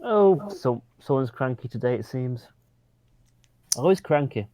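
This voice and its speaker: A man voicing a timid, eager, childlike young male character who stammers and gasps with excitement in a tabletop role-play. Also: a little slow, no room sound, close to an everyday voice. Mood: earnest. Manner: excitable, stammering, gasping with high squeals.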